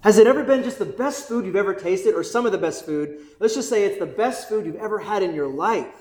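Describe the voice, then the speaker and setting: Male pastor, somewhat high voice, lively conversational sermon, roomy church echo. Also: fairly quick. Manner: energetic, conversational, keeps asking "right?"; excited, bouncing while preaching.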